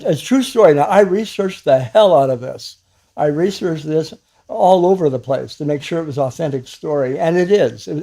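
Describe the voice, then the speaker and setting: With a fairly high-pitched voice, a Christian teacher talks casually about spiritual matters straight to the camera. His delivery halts, full of fillers and restarts, broken up by quiet chuckles.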